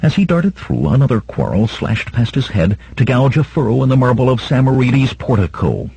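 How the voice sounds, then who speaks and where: A man's voice: mid-range voice, sing-song, moderate pace, gravelly, breathy edge, dry recording, rough recording. A man narrating an audiobook in a dramatic reading style. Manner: dramatic, voices shouts of characters. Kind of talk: scripted narration.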